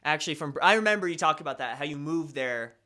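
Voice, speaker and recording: A man's voice: a little high, lively intonation, fast talker, pushed and bright. A young man hosting a casual live stream, chatting loosely and reading viewer comments with a self-deprecating, rambling manner.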